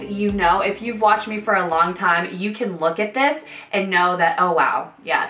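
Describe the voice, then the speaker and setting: A woman beauty vlogger chats through her makeup tutorial, gushing and enthusiastic. Her voice is bright and sits at an ordinary pitch. The sound is roomy and taken from a distance, with faint music underneath.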